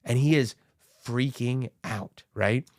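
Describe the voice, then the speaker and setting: On a podcast he co-hosts, a man tells a long story in relaxed conversation, acting out each character. His voice sits at medium pitch with a darkish tone, and he takes his time. The studio-quality recording has no echo.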